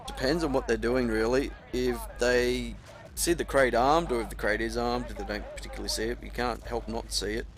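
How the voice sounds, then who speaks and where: A man's voice: mid-range voice, fairly even intonation, brisk, crowd noise. A young Australian man giving casual, laid-back gameplay commentary, swearing freely and calling the listener mate. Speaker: gaming commentator.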